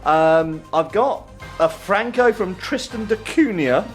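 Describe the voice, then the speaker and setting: A man's voice: high-pitched, expressive, takes it slowly, soft background music. A man co-hosting a fan radio show, reading listener messages in a hesitant way with lots of ums. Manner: hesitant, many ums and uhs.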